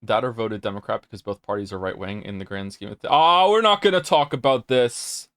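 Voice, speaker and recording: A man's voice: on the low side, a little fast, a bit bright, clear, resonant tone, no echo, clean studio sound. Casual male streamer reading chat. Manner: rambling, reads chat aloud, gets flustered.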